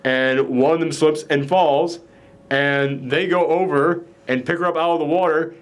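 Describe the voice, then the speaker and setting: Higher-pitched man retelling a movie plot. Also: measured pace. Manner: animated storytelling, frequent "like" fillers. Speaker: podcast host. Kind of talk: casual movie review chat.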